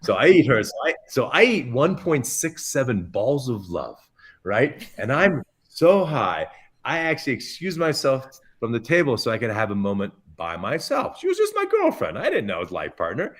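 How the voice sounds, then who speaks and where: Animated middle-aged man telling a story. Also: medium pitch, normal speed, breathy edge. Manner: lively, expressive storyteller, acts out quotes. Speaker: guest chef. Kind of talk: animated storytelling in podcast interview.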